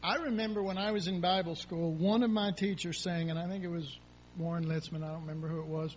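A man preaching a sermon in a folksy, rambling way, acting out prayers and asking the congregation questions. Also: fairly high pitch. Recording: dull lo-fi sound with faint hum.

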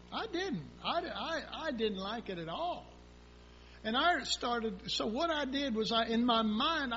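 A man's voice: high voice, pushed and bright. A man preaching a sermon in a folksy, rambling way, acting out prayers and asking the congregation questions. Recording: dull lo-fi sound with faint hum.

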